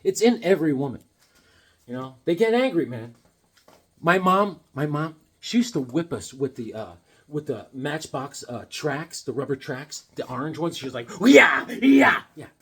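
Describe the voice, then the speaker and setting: A man rambling through a casual comic book chat, dropping corny one-liners as he goes. His voice is husky and rather high, and it bounces around a lot in pitch. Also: animated, normal speed.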